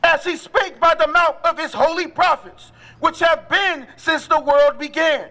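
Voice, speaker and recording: A man loudly reading scripture verses aloud, slow and declaiming, on an outdoor city street. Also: very high-pitched, steady tone. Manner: proclaims verses slowly at full voice. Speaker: scripture reader.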